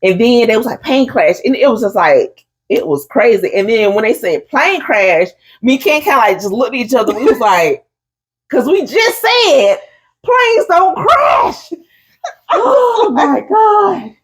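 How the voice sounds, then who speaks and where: A woman co-hosting a casual chat, telling stories with lively acted-out voices and calling her friend "honey.". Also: fairly high pitch, normal speed, few pauses, husky. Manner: animated storyteller, acts out crowd voices, says "honey". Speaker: podcast co-host.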